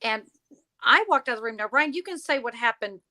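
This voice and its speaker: Bright high-ish woman telling a story on a podcast, animated, does all the voices in it. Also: brisk. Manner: animated, acts out quoted dialogue. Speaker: podcast guest, paranormal investigator. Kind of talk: storytelling in conversation.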